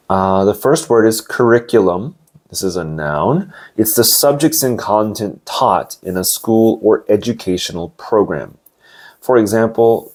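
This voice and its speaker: A deep-voiced man gives a relaxed English lesson built on news stories. He defines words, reads the news aloud and stops to ask learners if it makes sense. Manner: explains words slowly, adds asides and checks. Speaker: English teacher.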